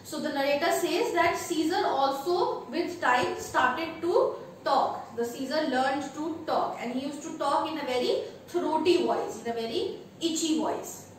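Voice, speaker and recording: A woman's voice: sits high, a little slow, slight background noise. A woman teacher, reading a storybook aloud and explaining it to children with many fillers and restarts. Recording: echoey room, mic from far off.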